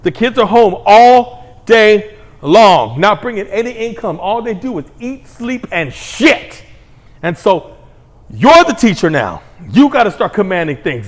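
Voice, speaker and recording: A man's voice: sits high, big pitch swings, normal speed. A man hosting his own commentary show, ranting in a blunt, heated, crude monologue. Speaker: commentary host.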